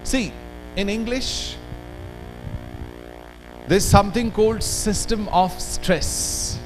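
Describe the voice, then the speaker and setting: An Indian man giving an animated workshop lecture, drilling words aloud with the audience. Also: sits high, takes it slowly, over music, poor audio. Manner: animated, drills words aloud, code-switches into Hindi asides. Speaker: workshop trainer. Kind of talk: lively classroom workshop lecture.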